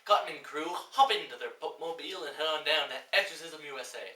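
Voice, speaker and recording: A man giving a sarcastic, profane comedy film review that builds into loud exasperated outbursts. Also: fairly high pitch, fast, music in the background. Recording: roomy echo, distant mic, faint hiss.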